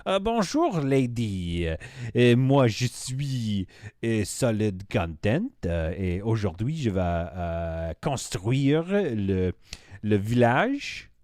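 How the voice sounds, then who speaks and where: A man's voice: lowish voice, big pitch swings, slow pace, darkish tone, dry recording, studio quality. A man doing a hammy, exaggerated Frenchman voice, drawling with hesitant "euh" fillers.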